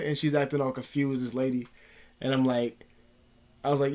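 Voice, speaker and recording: A man vlogging in a rambling, profane, animated storytelling monologue. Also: medium pitch, fast. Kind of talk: casual monologue.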